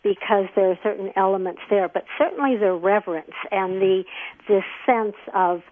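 A woman's voice: medium pitch, fairly even intonation, moderate pace, dry recording. A woman author being interviewed on a radio call-in show, explaining thoughtfully. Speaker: author and expert guest. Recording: tinny phone line.

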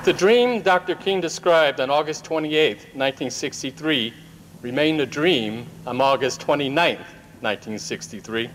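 A man giving a measured, earnest public speech. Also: fairly high pitch. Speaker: speaker. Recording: echoey hall with faint noise.

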